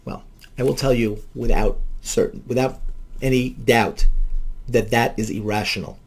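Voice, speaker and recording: A man who works as a counselor speaks in an emphatic, rhetorical way. He delivers commentary at a middling pitch and often repeats key phrases for effect. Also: fairly even intonation, normal speed, slightly rough.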